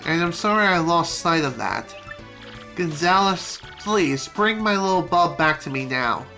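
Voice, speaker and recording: A genteel mother bomb creature, as a woman puts her on in a video game, tender and proper, talking in a soft, gently tearful way. The voice is bright and clear, with faint game music underneath. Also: fairly low pitch, expressive, measured pace, full character voice.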